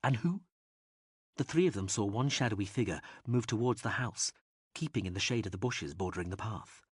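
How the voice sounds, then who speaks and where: A man narrating an audiobook in a lively, expressive reading style. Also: on the low side, fairly quick, breathy edge, no echo, clean studio sound. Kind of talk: scripted narration.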